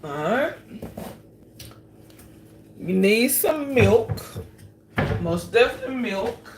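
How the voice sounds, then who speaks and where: Woman vlogging in her kitchen, real slow easygoing talk, chatty, faint hum behind. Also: a little high, big pitch swings. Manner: chatty, talks straight to viewers. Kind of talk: casual cooking vlog chat. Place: home kitchen.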